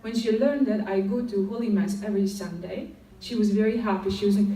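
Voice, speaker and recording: A woman's voice: medium pitch, steady tone, a little fast, dark tone. Woman in an echoey hall. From Ukraine. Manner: storytelling, acts out quoted dialogue. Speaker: conference speaker. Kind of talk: personal testimony talk. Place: conference hall. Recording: echoey hall, distant mic, faint music.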